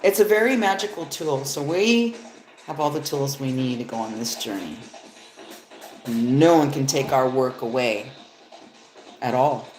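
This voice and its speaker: A woman with a low voice reads tarot cards on a live stream, speaking slowly and rambling, with the odd swear word. Her voice sounds echoey in the room, and faint music plays behind her. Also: expressive, a little mellow. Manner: casual, rambling, swears freely. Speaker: tarot reader. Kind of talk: live-stream card reading.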